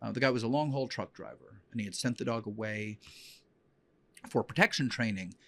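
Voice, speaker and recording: A man's voice: mid-range voice, brisk. A man hosting a podcast as a dog trainer, telling personal stories in a heartfelt, rambling way with many fillers and restarts. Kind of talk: emotional personal storytelling.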